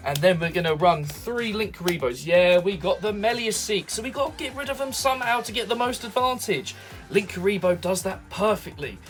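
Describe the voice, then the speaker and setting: A man giving hyped solo video commentary as a card game deck reviewer, excitable and salesy. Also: high-pitched, brisk, faint music behind. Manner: excitable, salesy, hypes everything.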